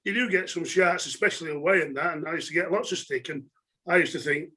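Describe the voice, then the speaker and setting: A man's voice: on the high side, quick pace, pushed and bright, slightly rough. A middle-aged man, telling stories from his football career in a chatty way, laughing and using lots of fillers. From England. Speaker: former footballer, guest. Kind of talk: casual storytelling interview.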